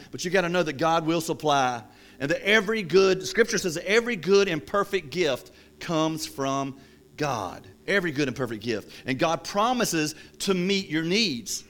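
A male preacher delivers a sermon through lively stories and jokes. His voice sits high for a man. He stays animated and conversational. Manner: animated storytelling, joking.

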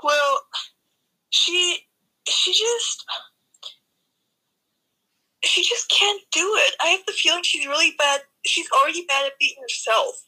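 A young woman co-hosting a casual movie review chat, blunt and sarcastic in an animated way. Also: very high voice, slow pace, pauses often, rough recording. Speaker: co-host.

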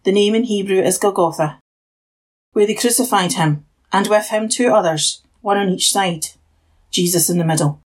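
A woman reads a Bible passage aloud as narrator. Her voice is husky and her pace steady. Her pitch sits in the middle of the range. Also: normal speed, poor audio. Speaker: Bible reader. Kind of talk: scripture narration.

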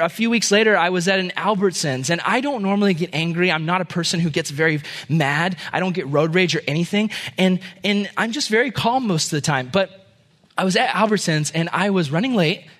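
Bright, high-voiced young pastor telling stories. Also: male voice. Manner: animated, acts out every quote. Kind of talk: storytelling sermon.

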